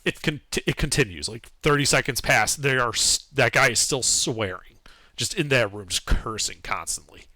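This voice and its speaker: A man narrating as game master of a tabletop game in a casual, animated way with some hesitation. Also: medium pitch, moderate pace, no echo.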